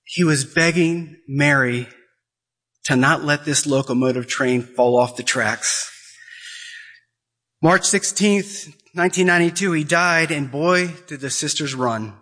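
A man giving an impassioned sermon-style talk, emphatic, repeating phrases and climbing high in pitch in bursts. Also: unhurried, bright, forceful tone. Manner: acts out quoted voices. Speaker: Catholic speaker.

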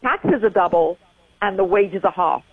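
A woman's voice: medium pitch, animated, measured pace, narrow, tinny audio. A woman in her sixties with an English accent, giving an interview as a guest and repeating her points for emphasis. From England. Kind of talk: remote interview.

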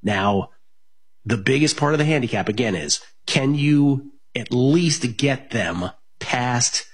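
A man's voice: medium pitch, animated, takes it slowly, slightly rough. A man hosting a sports betting radio show, talking casually with plenty of fillers and restarts. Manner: rambling, many fillers and restarts.

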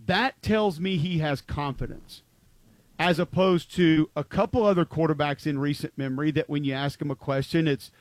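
Co-hosting a football talk show, this man rambles through casual sports chat, emphatic and heavy on "like" fillers. His slightly high voice keeps a moderate pace with no room sound.

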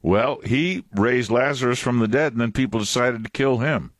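A man's voice: medium pitch, moderate pace, no room sound, studio quality. A pastor giving a conversational sermon, a man whose casual, digressive telling often breaks into chuckling asides.

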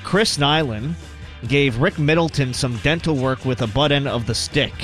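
A man co-hosting a casual sports radio show, chatty and quick to laugh, often repeating words as he starts a thought. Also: medium pitch, a bit bright, soft background music.

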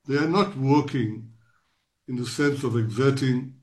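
Interview guest, man in his sixties, professorial and reflective, many ums and restarts, medium pitch. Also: measured pace. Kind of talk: interview answer.

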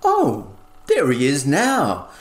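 A man's voice: a little high, wildly swooping pitch, exaggerated voice. A man voicing a wife who dismissively brushes off her husband, recorded with a roomy echo. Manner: brisk, offhand, dismissive. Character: brisk departing wife leaving her husband.

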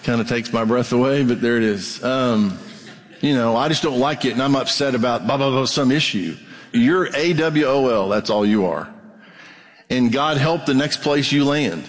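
Man preaching in a reverberant church hall. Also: moderate pace. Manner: conversational preaching, rising in pitch when reading scripture. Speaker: pastor. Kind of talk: sermon. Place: church sanctuary.

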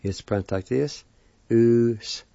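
A man speaks slowly, spelling out each word and repeating its pronunciation for learners. His voice sits low and mellow. The recording is dry and dull, with little high end. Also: no room sound. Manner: slow, careful, spells letter by letter and repeats words. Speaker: language teacher. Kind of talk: slow spelled-out vocabulary lesson.

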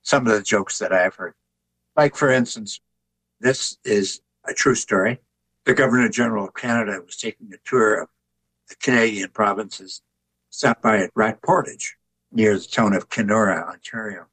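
Older man with a husky voice. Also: lowish voice, normal speed, low-quality recording. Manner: relaxed anecdotal telling, chuckles at his own jokes. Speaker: author and artist, guest. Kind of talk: conversational interview storytelling.

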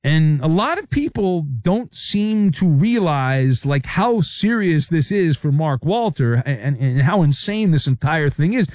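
A middle-aged man delivering sports commentary with a theatrical, joking manner, his voice swooping up and down with lively inflection. He sits in a fairly high register for a man, recorded close and dry with no room sound. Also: unhurried, hardly any pauses, no room sound. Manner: theatrical, jokey, full of wordplay and sound effects.

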